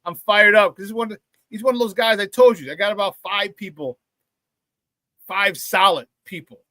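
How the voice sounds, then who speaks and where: High voiced sports host dude, all fired up, keeps restarting, dry close mic. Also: male voice, no echo. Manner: excitable, repeats phrases, restarts often. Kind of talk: casual sports talk.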